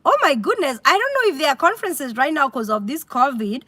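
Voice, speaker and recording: A Kenyan-accented woman hosts a casual livestream, chatty and animated, reading comments aloud and slipping in Swahili. Her voice sits high and moves fairly quickly, with no echo.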